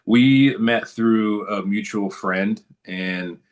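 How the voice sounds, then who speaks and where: A man's voice: on the low side, drawn-out words. A man talking as a guest in a casual interview, telling stories in a laid-back, good-humored way.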